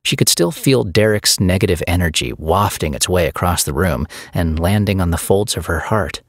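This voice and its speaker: A man narrating an audiobook with a measured storytelling delivery. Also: low-pitched, lively intonation, no echo.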